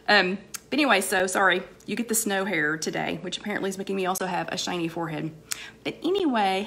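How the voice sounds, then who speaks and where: Talking fast in a mid-range, slightly bright voice, this woman is hosting a live online chat despite a cold that leaves her a bit hoarse. Her casual, rambling talk is full of fillers and repeated phrases, and she keeps greeting viewers by name between sentences.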